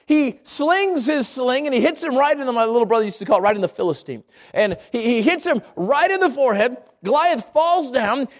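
A man preaching a sermon, retelling scripture as an animated story full of rhetorical questions and restarts. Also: very high voice.

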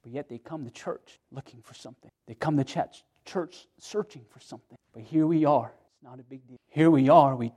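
A man's voice: mid-range voice, fairly quick, few pauses, dark tone. A middle-aged man, a pastor, preaching an earnest sermon in church, repeating himself and restarting phrases as he pleads with his listeners.

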